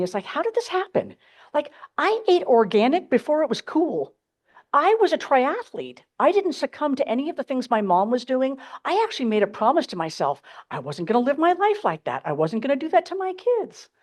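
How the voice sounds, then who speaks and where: A woman's voice: sits high, very animated, brisk, darkish tone. Woman telling a candid personal story. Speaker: keynote speaker. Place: symposium stage before an audience.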